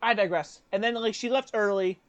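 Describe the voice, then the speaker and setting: A young man co-hosting a podcast, telling a workplace story in casual chat, lively and acting out what others said. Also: high voice, fairly quick, no echo, lo-fi sound. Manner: animated, acts out quoted voices, laughs often. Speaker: podcast co-host.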